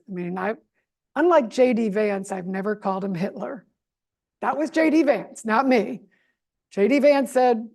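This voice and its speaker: A woman from the United States answering as an interview guest, talking in an animated, sarcastic way with lots of asides. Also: medium pitch, gravelly.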